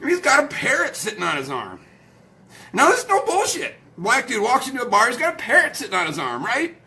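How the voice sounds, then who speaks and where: A man's voice: very high voice, huge pitch swings, a little fast, pushed and bright. A man hosting a late-night live stream, rowdy, profane and joking, a little tipsy from beer.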